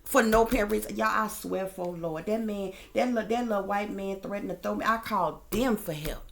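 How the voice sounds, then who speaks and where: Heated, profane woman with a gravelly voice. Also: medium pitch, a little fast. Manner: heated, profane and emphatic, addressing viewers directly. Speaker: psychic reader and channel host. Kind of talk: casual storytime rant.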